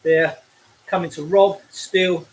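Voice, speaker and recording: A man's voice: sits high, little pitch movement, slow, low-quality recording. An out-of-breath Englishman, delivering a blunt, preachy livestream rant while cycling outdoors, speaking into a phone.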